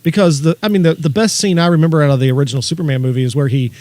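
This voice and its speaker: Man, podcast co-host, rapid excited talk, slightly high voice, dry close sound. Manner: quick, excited storytelling; reads news items aloud. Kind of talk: casual chat.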